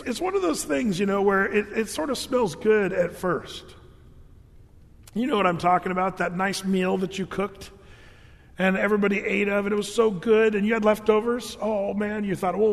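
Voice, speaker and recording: A man preaching a sermon, telling jokes and stories in a casual, animated way. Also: high voice, big-room sound. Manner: storytelling, animated with jokes and asides. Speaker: pastor.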